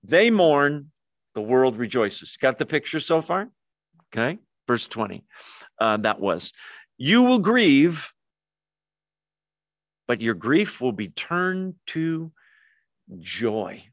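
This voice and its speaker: A male pastor preaching a conversational sermon, acting out quoted voices with lively asides. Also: a little high, no room sound.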